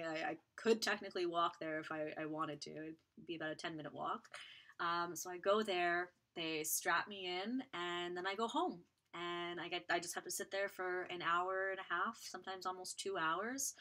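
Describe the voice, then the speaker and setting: A young woman from Quebec telling her own health story candidly on a live stream, with fillers and halting restarts. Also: on the low side, pushed and bright. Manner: candid, halting, many fillers, reads viewer comments aloud. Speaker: beauty vlogger and live streamer.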